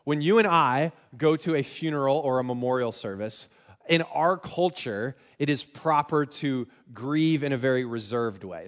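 A young man preaching a sermon in a conversational, self-deprecating way, with frequent restarts. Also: medium pitch. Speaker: pastor.

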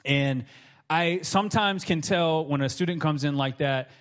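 A man preaching a sermon to his congregation, telling stories with lively acted-out quotes. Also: a little high, unhurried. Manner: animated storytelling, acts out quoted voices. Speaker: pastor.

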